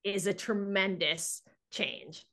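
Calm, reflective woman podcast host. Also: mid-range voice, slow pace. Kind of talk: casual podcast conversation.

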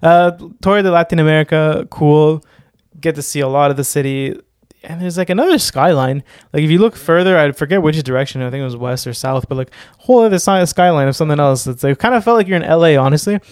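A man's voice: on the high side, fast, a little mellow, clear, resonant tone, no room sound, studio quality. A man chatting casually in a rambling way, with many fillers and restarts. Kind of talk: casual chat.

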